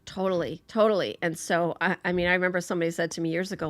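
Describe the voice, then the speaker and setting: A woman's voice: lowish voice, fast, few pauses, dry recording. A woman talking casually as a podcast guest, laughing often and restarting her sentences as she thinks. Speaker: podcast guest, patient advocate. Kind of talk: casual conversation.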